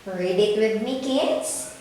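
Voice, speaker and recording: A woman teaching young children a phonics lesson, sounding out letters slowly and coaxing them to repeat after her. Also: mid-range voice, lively intonation, warm tone, a little hiss or hum. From Philippines. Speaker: primary school teacher. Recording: very echoey room, voice from a distance.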